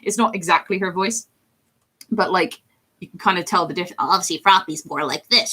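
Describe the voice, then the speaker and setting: A woman's voice: lowish voice, steady tone, moderate pace, sharp tone. A woman who streams and does voice acting, chatting casually and rambling as she talks. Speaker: streamer and voice actor. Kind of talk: casual chat while drawing on stream.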